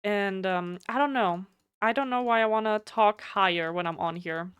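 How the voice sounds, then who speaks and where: A woman's voice: mid-range voice, normal speed, a bit bright, clean tone, no echo, dull audio. A woman with a German accent, a native German speaker, chatting casually and bluntly on a live game stream, swearing freely, her voice slightly nasal.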